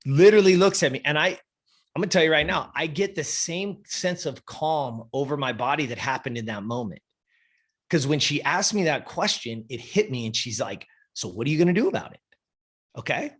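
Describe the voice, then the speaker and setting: A man's voice: fairly high pitch, expressive, moderate pace, slightly rough. A man in his fifties, a podcast guest, telling a personal story in a casual, emphatic and profane way. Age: 50s.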